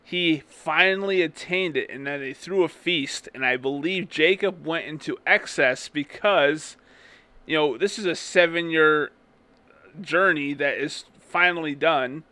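A man's voice: a little high, unhurried, pushed and bright. A man in a casual Bible study, explaining the story and reading verses aloud.

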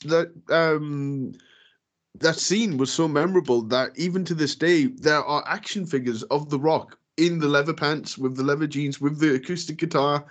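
A man interviewing a guest, asking questions with many pauses and restarts. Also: fairly high pitch. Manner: hesitant, many fillers and restarts. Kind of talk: casual interview.

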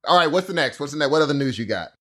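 A man's voice: a little high, very fast. A man co-hosting a podcast, retelling stories animatedly and acting out exchanges in voices. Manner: animated storyteller, acts out texts in voices. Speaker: podcast co-host. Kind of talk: casual podcast banter.

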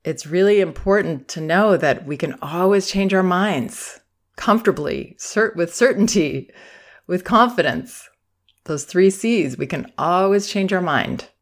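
Woman, podcast host, calm and reassuring parenting-advice talker. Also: fairly low pitch, a little slow. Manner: warm, reassuring, acts out quoted phrases. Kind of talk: advice talk.

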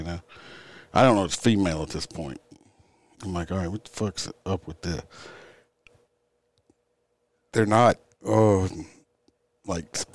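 In a low-pitched, husky voice, an older man who works as a police officer rambles through a traffic stop story. He's tired and yawning, and his casual storytelling is blunt and full of profanity.

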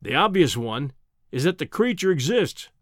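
A man's voice: sing-song, normal speed, fairly bright tone, no echo, studio quality. A man voicing a scornful, overbearing male professor of science in a storybook reading. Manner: booming, overbearing, mocking.

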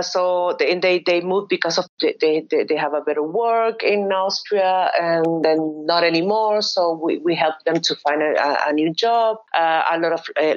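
Laughing woman with a low voice. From Chile. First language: Spanish. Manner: hesitant, many restarts, laughs readily. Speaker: guest, psychologist and expat coach. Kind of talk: casual interview storytelling. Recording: dull lo-fi recording.

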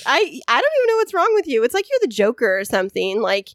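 A woman's voice: fairly high pitch, big pitch swings, fast talker, a bit bright, no room sound, clean studio sound. A woman co-hosting a podcast, chatting casually with teasing, mock-annoyed banter. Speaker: podcast co-host.

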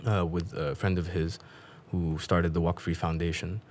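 A man's voice: sits low, level tone, normal speed, darkish tone, slight background noise. A man being interviewed as a guest comedian, chatting casually, often laughing as he tells stories.

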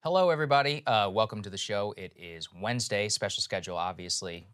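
A man co-hosts a news program and opens it in a grave, subdued tone. He talks quickly, his voice sitting fairly low. His delivery is brisk even while it stays sombre. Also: smooth. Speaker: co-host. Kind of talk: news show opening and promo.

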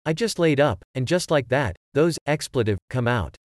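A man's voice: medium pitch, lively intonation, moderate pace, no room sound, studio quality, lightly acted. A man voicing a terrified young man who pleads that he needs a doctor. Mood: distraught. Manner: distraught, pleading, panicky.

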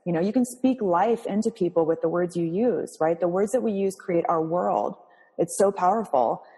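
Breathy low-voiced woman host. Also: normal speed, big-room sound. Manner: warm coaching tone, addresses listeners. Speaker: podcast host, health practitioner. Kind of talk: encouraging talk to listeners.

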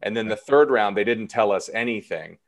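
Guy in his 30s with a lowish voice, laid-back interview chat, lots of ums and likes. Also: fairly quick. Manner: chatty and self-deprecating, many fillers. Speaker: actor guest.

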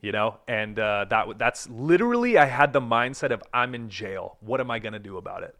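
A man's voice: mid-range voice, expressive, a little fast, fairly bright tone. A man in his thirties, a professional volleyball player, talking casually and energetically on a podcast, full of slang and swearing.

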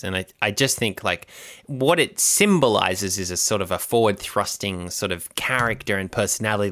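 A man's voice: lowish voice, pushed and bright, no echo, studio quality. A man improvising a comedy bit as a self-important campaign manager, speaking with mock-cultured bluster.

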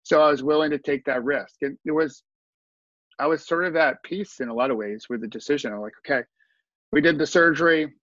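A man's voice: on the high side, fairly quick, fairly bright tone, no echo, dull audio. A man talking earnestly as a podcast guest, telling his story with asides and restarts. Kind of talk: conversational storytelling.

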